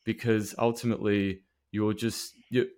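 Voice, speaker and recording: A man hosting a podcast, talking in an earnest, casual way with many halting restarts. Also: fairly low pitch, level tone, darkish tone. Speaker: podcast host. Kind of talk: casual interview chat.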